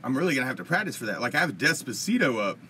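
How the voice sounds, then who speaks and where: A man's voice: medium pitch, big pitch swings, racing, sharp tone, slight background noise. An American man hosting a casual live-stream Q&A as a guitar teacher, talking in a rambling, chatty way and laughing often. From United States. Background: faint guitar strumming.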